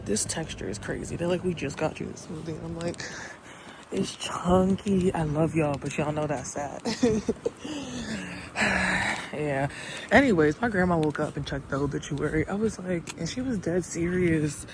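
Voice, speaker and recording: A woman's voice: low voice, moderate pace. Chatty woman vlogging on a noisy street. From United States. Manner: chatty, talks straight to camera with laughs and slang. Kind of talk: casual vlog. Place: outdoors on city streets and in shops. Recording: phone audio with street noise.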